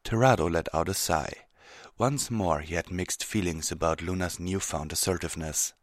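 Deep-voiced man reading a story. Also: normal speed, no echo, clean studio sound. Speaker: narrator. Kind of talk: audiobook reading of fiction.

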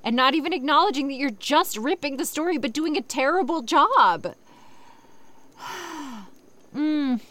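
A young woman with a high, expressive voice reads a story aloud for an online audience, unhurried and pausing often. She keeps breaking off into sarcastic rants, swearing freely and getting loud in bursts.

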